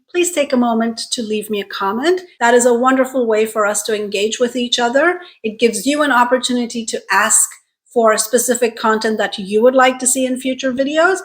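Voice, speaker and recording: A woman with a somewhat high voice leads a pronunciation lesson. She talks straight to her viewers in an encouraging, clear way and slows down to stretch out the sounds she models. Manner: clear, deliberate teaching with drawn-out model sounds; encouraging, direct address to viewers. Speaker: accent coach.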